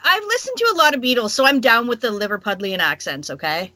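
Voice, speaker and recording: Bright playful Canadian woman co-host. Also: a little high, wildly swooping pitch, fast talker, dry recording. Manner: playful, joking. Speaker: podcast co-host. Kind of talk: casual chat.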